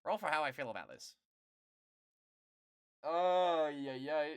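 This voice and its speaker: A streamer chatting casually with viewers, rambling and swearing, quickly getting worked up and loud. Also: mid-range voice, animated, smooth, no room sound, studio quality. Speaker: streamer answering chat.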